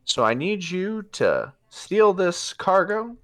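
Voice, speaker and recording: A man voicing a secretive masked male criminal contact who speaks in a measured, deliberate way. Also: high voice, big pitch swings, a bit bright, voice pushed up, heavily acted. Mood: guarded.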